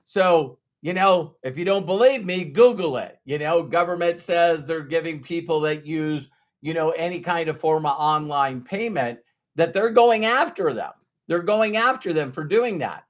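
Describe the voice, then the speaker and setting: A man with a fairly high voice gives a motivational business talk. He tells his story in an animated, emphatic way and repeats key phrases for effect. It sounds like a coach speaking directly to his followers. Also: normal speed. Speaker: business trainer.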